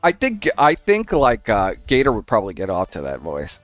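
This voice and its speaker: A man jokes and deflects blame in a casual group voice call. His middle-pitched voice moves lively, and the sound is dry and close. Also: normal speed, dry recording, soft background music.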